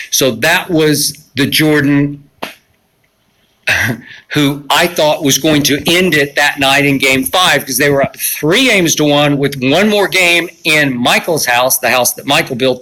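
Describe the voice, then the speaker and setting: Sixties male sports commentator, bright forceful voice, emphatic and opinionated solo talk. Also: mid-range voice, poor audio. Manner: opinionated, emphatic basketball critique with sarcastic asides. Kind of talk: solo live-stream commentary.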